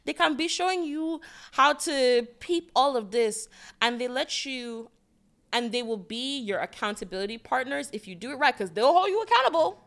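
A woman's voice: on the high side, moderate pace, a bit bright. A woman co-hosting a podcast, giving playful, slangy advice in casual chat. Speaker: podcast co-host.

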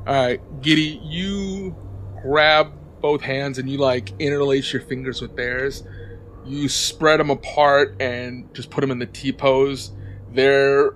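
A man's voice: mid-range voice, fairly even intonation, slow pace, a bit bright, a little hiss or hum. A man running a tabletop game as game master, narrating loosely and often repeating his words.

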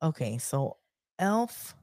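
A woman co-hosting a casual livestream chat, animated, swearing freely and laughing often. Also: deep voice, slow, no room sound, studio quality. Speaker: co-host.

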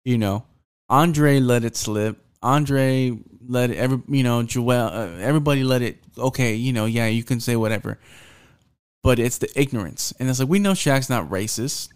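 A man hosting a podcast speaks in a smooth, clear, middle-pitched voice. He talks loosely and swears freely. He acts out the people in his stories as he quotes them. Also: normal speed. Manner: profane storyteller acting out quoted people. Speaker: podcast host. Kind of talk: casual podcast chat.

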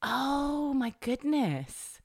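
A woman chatting casually, laughing often and telling animated stories. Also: high voice, very slow, no echo, studio quality. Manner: giggly, animated storyteller. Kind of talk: casual chat.

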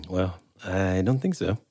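Man, podcast co-host, rambling casual talk, very low, husky. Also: expressive, slow, warm tone, dry recording, clean studio sound. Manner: rambling, searches for words, teasing.

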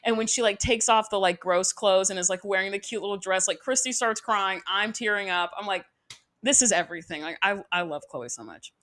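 A young woman hosts a podcast, recapping an episode in a loose, chatty way. She drops sarcastic asides and fills her sentences with "like". Her voice sits at an ordinary middle pitch. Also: a little fast, few pauses, a bit bright. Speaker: podcast host.

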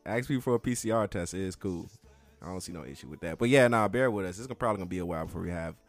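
A young man co-hosting a casual podcast, bantering loudly and swearing a lot between jokes. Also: low voice, lively intonation, rapid-fire. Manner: loud, joking, profane banter. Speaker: podcast co-host.

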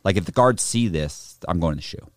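A man casually telling a rough story, swearing a lot and acting out the other people in it. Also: low-pitched, a little fast, dry recording. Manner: profane, animated, acts out other people's voices. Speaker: guest telling a prison story.

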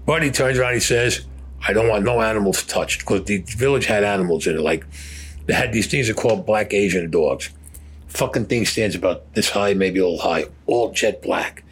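Husky, profane older man telling war stories. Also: on the low side, moderate pace. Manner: blunt and heavily profane. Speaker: war veteran telling his story. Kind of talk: rough spoken storytelling.

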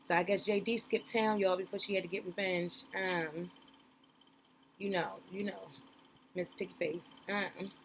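A woman's voice: lowish voice, fairly even intonation, a little slow, slight background noise. A woman giving casual, playful reaction commentary on a reality show, talking straight to her viewers in a slangy, chatty way. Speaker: reaction streamer.

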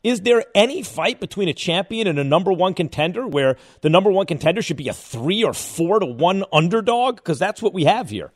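A man hosting a sports radio show, interviewing a guest and thinking out loud with restarts as he probes. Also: high voice, lively intonation, fairly quick, hardly any pauses. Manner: probing, thinks aloud with restarts.

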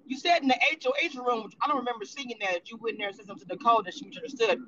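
A woman's voice: on the high side, expressive, racing, dull audio, background noise. A woman commentating on reality TV in a livestream reaction, blunt, profane and heated.

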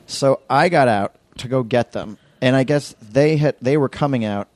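A man's voice: medium pitch, moderate pace, hardly any pauses, no echo. A middle-aged man co-hosting a podcast, telling stories in a loose chat style, swearing freely and acting out other people's lines. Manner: animated storyteller, mimics voices in quotes, swears freely. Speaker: podcast co-host. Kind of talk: casual chat.

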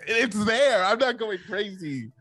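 A man co-hosting a casual movie podcast, emphatic and quick to laugh. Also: high-pitched, no echo, soft background music. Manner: animated, emphatic, laughs often. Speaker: podcast co-host.

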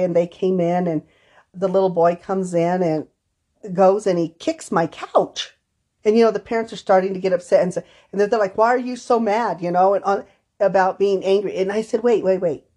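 A woman's voice: fairly low pitch, fairly even intonation, fairly quick, warm tone. Woman therapist telling client stories. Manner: storytelling, acts out quoted dialogue. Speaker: therapist co-host. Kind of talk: podcast conversation.

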